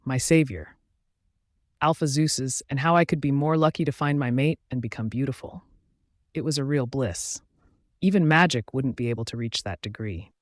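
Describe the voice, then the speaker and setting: A man's voice: medium pitch, moderate pace, dry recording. Man reading a romance audiobook, dry sound. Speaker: audiobook narrator. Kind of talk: first-person romance audiobook narration.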